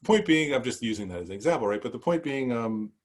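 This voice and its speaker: A man's voice: mid-range voice, animated, fast talker. A man teaching an online Buddhist class, hesitant, with many fillers, asides and "right?". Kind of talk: online dharma class lecture.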